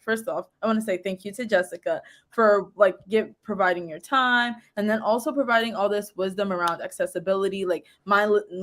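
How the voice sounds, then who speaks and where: A woman hosting a casual livestream interview, bubbly and enthusiastic, laughing often. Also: mid-range voice. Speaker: livestream host.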